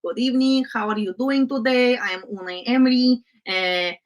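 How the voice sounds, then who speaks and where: A polite middle-aged football manager with a thick Spanish accent, put on by a woman. He speaks formally and haltingly, filling the gaps with "uh". Her own voice sits fairly high for a woman. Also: lo-fi sound, natural voice. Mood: pleased.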